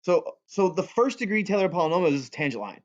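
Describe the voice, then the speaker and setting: Goofy math teacher guy walking thru calculus, kinda high voice, dull lo-fi sound. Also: very animated, quick pace. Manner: playful and goofy, jokes with students. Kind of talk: recorded calculus lesson. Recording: dull lo-fi audio.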